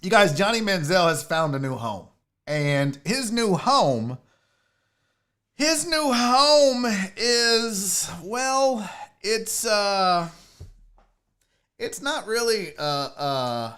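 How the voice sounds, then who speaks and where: High, lively-voiced male show host. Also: very slow, clear, resonant tone. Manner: rambling, jokey, swears freely. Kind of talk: casual livestream talk.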